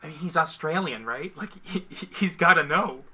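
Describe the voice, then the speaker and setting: A man's voice: on the high side, animated, normal speed, crowd noise. A man co-hosting a casual live stream, joking and poking fun at himself. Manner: jokey, self-mocking. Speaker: stream co-host.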